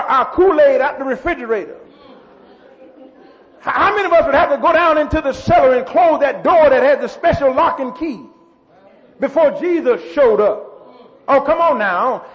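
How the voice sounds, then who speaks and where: A pastor preaching a sermon. He builds to shouts, repeats words and calls out to the congregation. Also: very high-pitched, animated, normal speed. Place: church. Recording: muffled church hall with long echo.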